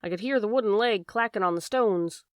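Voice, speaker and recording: A woman's voice: mid-range voice, a little fast, no echo, studio quality, close to an everyday voice. A woman voicing a worried, chatty working-class boatman's wife in an audiobook reading. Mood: fretful. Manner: chatty, plain-spoken, dropped endings.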